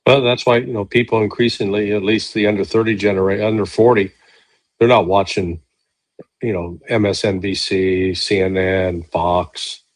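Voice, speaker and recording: A man with a low voice, talking in a relaxed, easygoing way as a podcast guest. He often restarts his sentences, and the recording is dry and close, with no room sound. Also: dry recording. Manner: relaxed, agreeable, halting restarts. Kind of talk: casual conversation.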